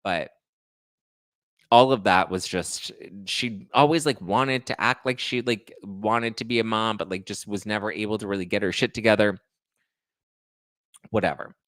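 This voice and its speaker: A man's voice: on the low side, moderate pace, pauses often, fairly bright tone, no room sound. A man hosting a pop culture show, in casual gossip commentary that is chatty, full of fillers and sarcastic asides. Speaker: pop culture podcast host.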